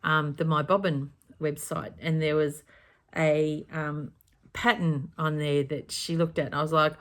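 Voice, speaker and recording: A woman's voice: deep voice, little pitch movement, unhurried. A woman chatting casually in her home craft room as a cross-stitch vlogger, rambling and often correcting herself. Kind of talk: casual chat.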